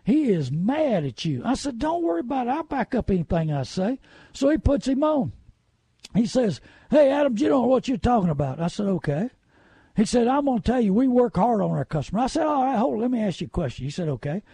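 A middle-aged radio host with a drawl, ranting in a folksy, indignant way. His voice sits high but sounds dark and husky, with a gravelly edge. The sound is dry and close. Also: very animated, brisk, dry recording. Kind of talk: opinionated radio talk.

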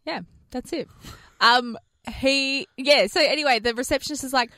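A woman's voice: high-pitched, moderate pace, no echo. A woman co-hosting a radio show, telling a story in casual chat and acting out what people said. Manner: animated storyteller, acts out quotes. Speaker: radio co-host.

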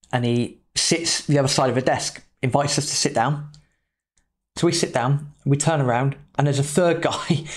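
A man, a podcast host telling a travel story in a casual, chatty way with the odd swear word. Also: mid-range voice. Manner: chatty, loose, with mild swearing.

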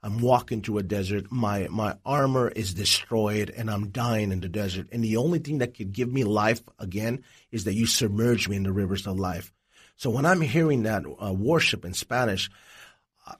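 Husky middle-aged guy telling his testimony, earnest and animated, trips over words a bit. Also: fairly low pitch, moderate pace. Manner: earnest, animated storytelling with frequent restarts. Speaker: guest, Christian evangelist. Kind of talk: personal testimony in an interview.

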